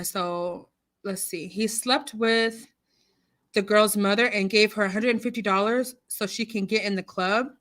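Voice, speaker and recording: A woman's voice: medium pitch, sharp tone. Outspoken woman hosting a late-night livestream. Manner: outspoken, indignant, conversational. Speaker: livestream host reading chat. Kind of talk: casual live chat. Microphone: computer mic on a streaming call.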